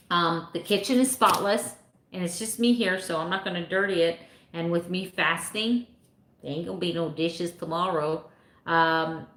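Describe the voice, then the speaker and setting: A woman's voice: lowish voice, fairly bright tone. A woman in her fifties chatting casually with her live viewers, rambling a little and laughing often. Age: 50s. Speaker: vlogger answering live chat. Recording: echoey room.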